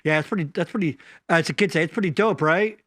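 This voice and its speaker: A man's voice: a little high, fast, a bit bright, dry recording. A man co-hosting a live stream from his basement studio, rambling through crude jokes and mock-pleading bits. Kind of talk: crude comedic banter.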